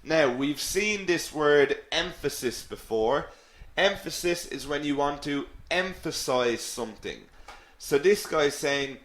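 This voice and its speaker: A man's voice: on the high side, expressive, slow, a bit bright. A male English teacher giving a live online lesson, explaining patiently, often checking in with "okay?" and reading out viewers' names. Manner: reads out viewers' names and questions. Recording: roomy echo.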